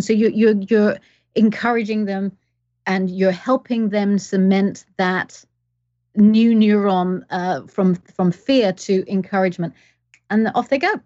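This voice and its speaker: Interview guest, female coach, mid-pitched voice, acts out sample dialogues, dry muffled audio. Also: steady tone, a little slow, mellow, no room sound. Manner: explains by acting out example dialogues. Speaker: guest expert, leadership coach. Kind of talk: conversational advice in an interview.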